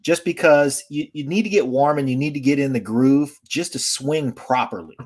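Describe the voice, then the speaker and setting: A man's voice: medium pitch, moderate pace, darkish tone. A man co-hosting an interview over a video call, telling stories and introducing a guest with enthusiasm. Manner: storytelling, enthusiastic, restarts. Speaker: co-host, drummer. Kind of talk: casual interview chat.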